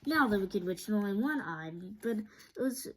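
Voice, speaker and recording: A woman reads a children's book aloud in a mid-pitched, everyday voice. She keeps a steady storytelling pace, often stumbling and going back over a word. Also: moderate pace, slight background noise, low-quality recording. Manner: steady reading with frequent stumbles and restarts.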